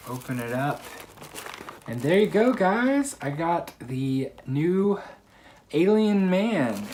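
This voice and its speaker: A chatty man talking to camera in a quiet room at home, walking through an unboxing in a relaxed, upbeat way. His voice sits at an ordinary middle pitch, and there is a faint hiss of noise behind him. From United States. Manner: chatty, upbeat, many fillers. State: slightly out of breath. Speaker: fragrance reviewer. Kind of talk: casual unboxing vlog.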